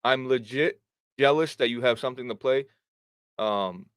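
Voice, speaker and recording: A man of ordinary pitch grumbling through a gaming podcast rant with plenty of swearing. His voice is recorded dry and close, with no room sound at all. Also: moderate pace, fairly bright tone, smooth, dry recording. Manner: grumbling, profane, self-described hater. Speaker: podcast host. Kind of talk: casual gaming podcast chat.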